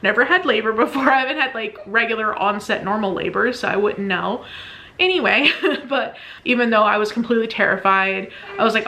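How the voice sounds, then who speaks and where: A woman's voice: medium pitch, normal speed, sharp tone. A woman vlogger casually telling a personal story, chatty and laughing often, acting out what she said back then. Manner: chatty, laughs often, acts out her own past lines.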